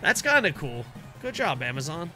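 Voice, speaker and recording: A man streaming a wrestling video game, chatting casually with his audience and reacting loudly to the matches, swearing now and then. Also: fairly high pitch, very animated, normal speed, music in the background. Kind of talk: casual chat over gameplay.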